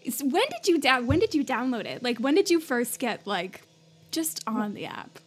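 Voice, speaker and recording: A young woman hosting a chatty conversation, friendly and quick to laugh and agree. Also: high voice, big pitch swings, husky. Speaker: podcast host. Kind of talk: casual chat.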